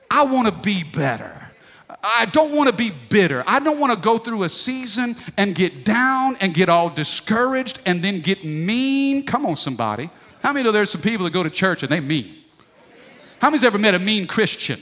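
Animated preacher in his forties, echoing hall. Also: high-pitched, normal speed, a faint crowd. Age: 40s. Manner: call-and-response preaching, folksy and emphatic. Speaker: pastor. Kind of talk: sermon. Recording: long reverb of a large hall.

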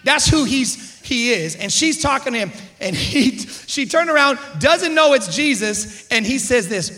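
Pastor, male, high bright voice, animated sermon delivery with acted-out characters. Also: moderate pace, hardly any pauses. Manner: animated, acts out characters with shifting voice and loudness.

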